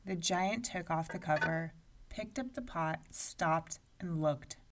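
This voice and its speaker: A woman narrating a storybook aloud in an expressive, measured way. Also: deep voice, far from the mic, a little hiss or hum.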